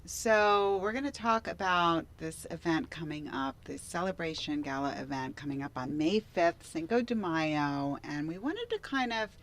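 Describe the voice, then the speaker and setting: A woman co-hosting a casual talk show, giving brisk, upbeat announcements. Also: sits low, lively intonation, fairly bright tone, a little hiss or hum. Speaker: co-host. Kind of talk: casual chat.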